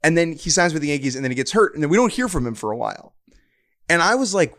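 A man's voice: on the high side, expressive, fast, fairly bright tone. A man co-hosting a sports podcast, talking casually and animatedly, often slipping into mock quotes. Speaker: podcast co-host.

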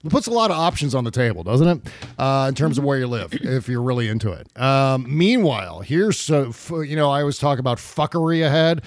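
A man's voice: medium pitch, expressive, fairly quick, no room sound. A man hosting a political chat podcast from home, wry and profane, laughing often. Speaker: podcast host.

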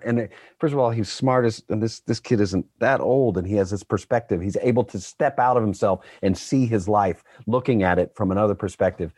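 A man's voice: fairly low pitch, fairly quick, few pauses, darkish tone, husky, dry recording. A man in his fifties, a guest actor chatting casually on a podcast, rambling with self-deprecating asides. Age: 50s.

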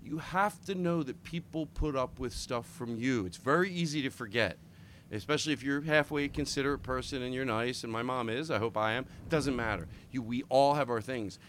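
A man hosting a casual comedy podcast chat, animated and joking, with some swearing. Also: medium pitch, slight background noise. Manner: animated, swearing, quick jokes. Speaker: podcast host.

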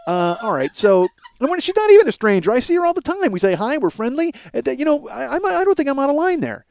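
A man's voice: very high voice, big pitch swings, fast, vocal fry, a little mellow, dry recording. A middle-aged man telling a rambling, self-mocking comic story as a podcast host. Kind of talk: casual comedic monologue.

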